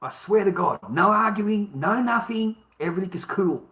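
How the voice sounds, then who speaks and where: Casual Australian bloke with a slightly high voice, telling a story in a crude, emphatic rant. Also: male voice, animated, moderate pace, bright, forceful tone, slight background noise. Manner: profane, emphatic, repeats for emphasis.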